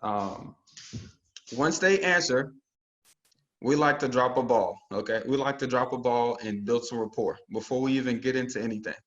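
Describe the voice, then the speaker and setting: A man coaching a group on a call, energetic and constantly checking in with "okay?". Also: mid-range voice, moderate pace, muffled recording. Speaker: real estate investing coach. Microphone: video call.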